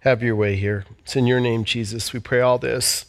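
Man, pastor, earnest heartfelt prayer, church sermon, steady mid pitch. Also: moderate pace. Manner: earnest, heartfelt, repeats phrases.

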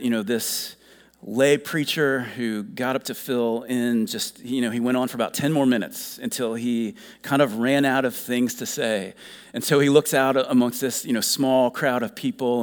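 A man preaching a sermon, retelling a story and quoting it with rising fervor. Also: mid-range voice. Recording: reverberant hall with soft guitar.

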